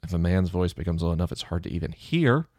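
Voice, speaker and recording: A man hosting a science Q&A podcast alone in his office, explaining in a relaxed, conversational way into a close microphone. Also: sits low, fast, no room sound. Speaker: podcast host answering listener questions. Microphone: close studio microphone off to the side of the mouth.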